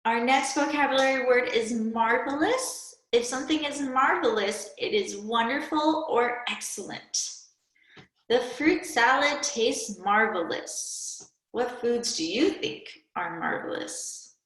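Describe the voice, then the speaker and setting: A woman teacher giving a recorded reading and spelling lesson to children, speaking clearly and patiently and asking them to pause and answer aloud. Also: fairly high pitch, fairly bright tone. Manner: slow, clear, patient classroom delivery with prompts to pause. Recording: echoey room.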